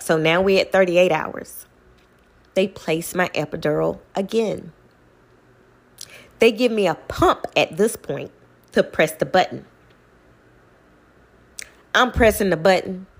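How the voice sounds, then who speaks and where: Young woman, blunt, animated, swearing, casual storytelling. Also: fairly low pitch.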